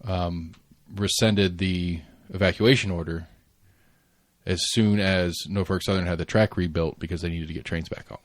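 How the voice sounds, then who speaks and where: Low-voiced rambling podcast man. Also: steady tone, normal speed, no echo, clean studio sound. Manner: rambling, many fillers and restarts, casual swearing. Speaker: podcast co-host. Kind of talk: casual current-affairs chat.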